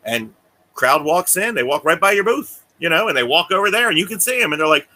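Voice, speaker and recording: A man's voice: a little high, expressive, brisk, pushed and bright. A man co-hosting a podcast in casual chat, rambling and often laughing as he acts out the voices of the people he quotes. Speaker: podcast co-host.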